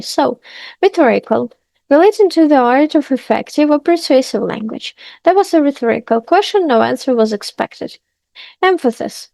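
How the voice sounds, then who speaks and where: A woman's voice: high voice, vocal fry, mellow, no room sound. A woman teaching an English lesson, reading out terms and example sentences with brief comments. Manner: reads vocabulary and example sentences aloud, pauses to comment. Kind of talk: language lesson.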